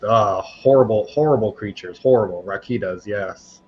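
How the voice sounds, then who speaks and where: A man voicing an old female oracle creature who is gruff, bossy and impatient. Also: fairly low pitch, normal speed, natural voice. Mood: disgusted. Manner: bossy, scolding. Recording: dull lo-fi sound with faint hiss.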